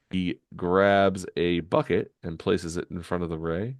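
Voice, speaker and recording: A man's voice: low voice, unhurried, gravelly, hardly any pauses, no room sound. Dry-sounding man reading a comic aloud. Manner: animated, incredulous asides. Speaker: podcast co-host.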